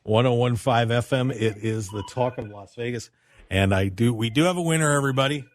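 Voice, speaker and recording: A man hosting a radio talk show from a studio by himself, upbeat and animated, hollering and laughing between topics. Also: mid-range voice, brisk, slight background noise. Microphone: studio microphone.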